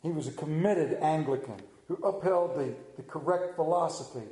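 A man's voice: a little high, normal speed, warm tone. A man preaching a sermon and leading a prayer, earnest, with self-deprecating asides. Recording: roomy echo.

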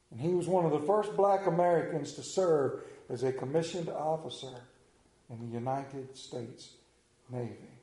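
Man, high voice, mellow tone, lively storytelling sermon. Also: echoey room, poor audio. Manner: lively, acts out quoted voices.

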